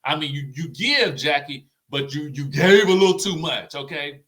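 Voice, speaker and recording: A man hosting a casual reality-TV recap, chatty and animated, often tagging his sentences with "okay?" and "you know what I'm saying?". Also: on the high side, moderate pace. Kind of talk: casual commentary vlog.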